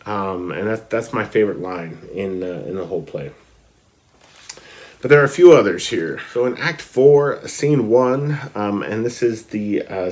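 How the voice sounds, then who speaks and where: A man talking casually about a book, full of fillers and restarts, with bursts of enthusiasm and lines read aloud. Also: on the low side. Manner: hesitant, many fillers, enthusiastic emphasis. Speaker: book vlogger. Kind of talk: casual talk about literature, reading passages aloud.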